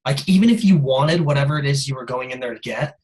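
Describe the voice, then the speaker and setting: A man giving an energetic, casual motivational talk on a sales call, full of "like" and "you guys.". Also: medium pitch, quick pace, poor audio. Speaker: guest speaker on a sales call.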